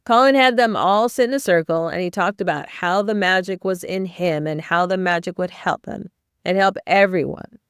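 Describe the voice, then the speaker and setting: A woman's voice: lowish voice, normal speed, smooth, dry recording, clean studio sound. A woman hosting a podcast, giving a chapter-by-chapter book summary in plain storytelling with brief asides. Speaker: podcast host summarizing a novel.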